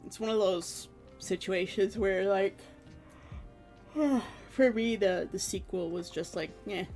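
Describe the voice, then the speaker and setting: A woman streamer in her thirties chats easily with her viewers, her voice sitting at a middle pitch. She is animated, stretches out her exclamations and laughs often. Faint music plays quietly behind her. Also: slow pace. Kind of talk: casual chat with stream viewers.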